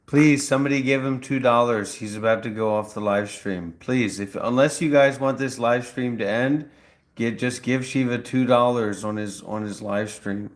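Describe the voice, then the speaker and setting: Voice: mid-range voice, moderate pace. A livestream co-host urging and pleading with the audience and the AI. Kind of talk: livestream chat. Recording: roomy echo.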